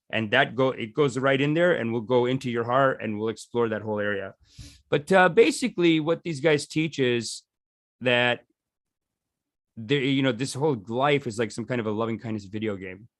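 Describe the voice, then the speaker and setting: A man's voice: mid-range voice, a bit bright, no room sound, clean studio sound. A man teaching a meditation session in a loose, rambling, jokey way, often restarting his sentences. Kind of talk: casual teaching talk.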